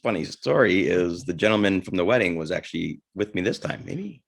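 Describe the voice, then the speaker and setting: A man with a lowish voice that swings widely in pitch, telling a long, crude story in a casual podcast chat. He keeps restarting his sentences. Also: expressive, a little fast, gravelly. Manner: rambling, self-interrupting storyteller with crude humor. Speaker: podcast co-host.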